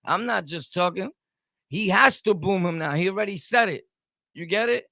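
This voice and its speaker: A man with a high-pitched, creaky voice and a sharp tone speaks at a moderate pace, recorded dry with studio quality. He's a Brooklyn-born streamer with a Brooklyn New York accent, ranting heatedly and combatively at his chat while repeating his points again and again.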